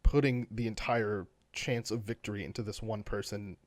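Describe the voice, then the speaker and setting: A man's voice: lowish voice, steady tone, normal speed, no room sound. A man co-hosting a gaming podcast, talking in a loose, rambling way full of fillers and restarts. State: has the hiccups. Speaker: podcast co-host. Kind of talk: casual chat.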